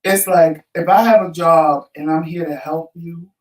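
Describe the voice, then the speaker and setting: A man co-hosting a casual talk show, telling stories in a blunt, lively, profane manner. He sits a little away from the mic in an echoey room. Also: a little high, moderate pace, recorded from a distance. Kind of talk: casual chat.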